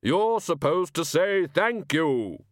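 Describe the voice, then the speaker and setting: A man putting on Death filling in as the gift-giver for an audiobook, a grave, unhurried figure who weighs every word. The voice is dry and close, with lively pitch that lifts a little above the reader's own. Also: no echo. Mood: solemn. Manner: slow, measured, solemn.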